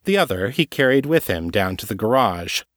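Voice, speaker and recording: Low-voiced man reading an audiobook. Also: very animated, moderate pace, no room sound, studio quality. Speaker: audiobook narrator. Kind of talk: scripted narration.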